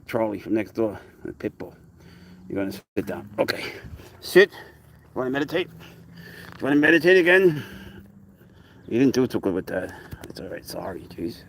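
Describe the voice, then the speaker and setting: A man's voice: mid-range voice, vocal fry, a little hiss or hum. Chatty man talking to his cat. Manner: rambling, chatty, talks baby talk to his cat. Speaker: cat owner vlogger. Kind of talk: casual outdoor vlog chat. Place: outdoors by a lake.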